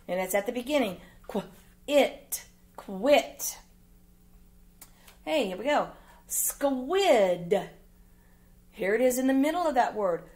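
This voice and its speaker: Midwestern woman, grade-school phonics teacher, unhurried and deliberate, spells words letter by letter. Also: fairly high pitch, darkish tone. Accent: American Midwest. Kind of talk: phonics lesson for young children.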